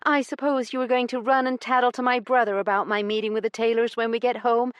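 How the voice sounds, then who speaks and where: A woman voicing an indignant, quick-tempered young noblewoman with sharp retorts in an audiobook. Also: a little high, expressive, dry recording, pitched above the performer's own voice. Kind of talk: audiobook character reading.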